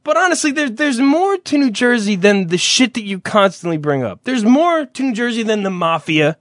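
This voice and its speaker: A young man telling stories in a relaxed chat, cursing freely and slipping into quick impressions of the people in them. His voice sits high for a man. The sound is close and dry, with no room around it. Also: no echo. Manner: rambling storyteller, swears freely, acts out voices. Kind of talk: casual chat.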